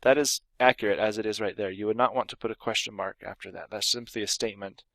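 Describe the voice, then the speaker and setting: A man's voice: lowish voice, steady tone, fast, a bit bright, no room sound. A man teaching a grammar lesson, explaining punctuation and reading example sentences aloud, with occasional fillers and restarts. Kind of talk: recorded lesson.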